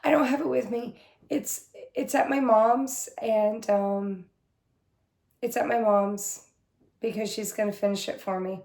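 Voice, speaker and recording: A hoarse woman getting over an illness, with a smoky, husky voice, chatting casually as host of her cross-stitch video in her craft room. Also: fairly high pitch, fairly even intonation, unhurried, darkish tone, reverberant. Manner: rambling, chatty, full of fillers. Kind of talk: casual chat to camera.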